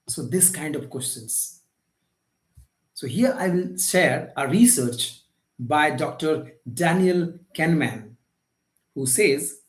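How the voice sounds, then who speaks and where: A man's voice: fairly high pitch, roomy sound, poor audio. A man, a life coach giving a motivational live talk, lecturing emphatically and asking rhetorical questions.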